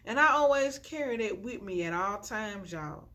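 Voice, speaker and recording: A woman's voice: medium pitch, lively intonation, normal speed, a bit bright. A young adult woman vlogging to her phone from the floor at home, chatty and preachy, encouraging her viewers. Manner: chatty and preachy, constantly saying y'all. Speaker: inspirational vlogger. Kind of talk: casual encouraging talk to camera. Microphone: phone on a tripod with ring light.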